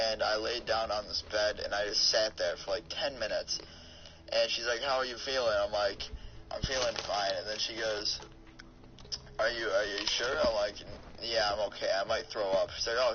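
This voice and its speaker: A man's voice: on the low side, normal speed, pushed and bright. A young man telling a personal story with lots of fillers and restarts, as a YouTuber over gameplay commentary. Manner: rambling, with many fillers and restarts. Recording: dull lo-fi mic with clear background noise.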